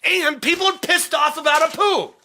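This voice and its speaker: A man's voice: very high-pitched, normal speed, vocal fry, pushed and bright, slight background noise. A man co-hosting a casual podcast, ranting profanely and exasperatedly about his week. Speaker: podcast co-host. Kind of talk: casual chat.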